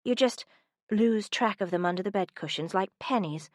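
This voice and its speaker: A woman's voice: mid-range voice, normal speed, no room sound, natural voice. Bookish young woman, wary and cutting, with a dry close sound, as a narrator puts her on.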